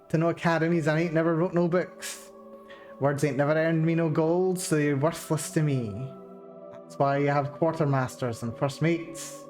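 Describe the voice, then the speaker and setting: Woman doing a gruff Scottish old pirate. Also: sits low, a little mellow. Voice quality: rough old-sailor dialect. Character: old male pirate captain, gruff and boastful. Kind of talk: reading a game journal aloud in character.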